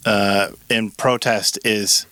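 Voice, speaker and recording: A man's voice: lowish voice, little pitch movement, takes it slowly, sharp tone, no room sound. A man co-hosting a podcast in casual chat, searching for words and then driving points home emphatically. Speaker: podcast co-host.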